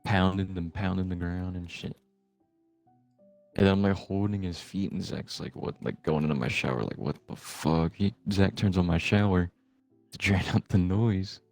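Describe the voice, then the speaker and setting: A man's voice: deep voice, moderate pace, gravelly, darkish tone, no room sound, soft background music. A young man chatting casually while gaming, telling a long rambling story full of swearing. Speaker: gamer recording with a friend.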